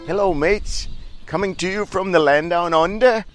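A man's voice: sits high, moderate pace, faint music behind, pitched above the performer's own voice, natural voice. A man putting on a jokey, exaggerated Australian accent for a playful greeting. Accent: put-on Australian.

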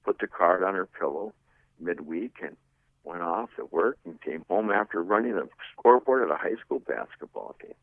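Middle-aged man, low gravelly voice, lively storytelling talk with rhetorical questions, heard over thin phone-like radio audio. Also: moderate pace, dry recording. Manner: expressive, rhetorical questions, swings from emphatic to hushed. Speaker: speaker on servant leadership.

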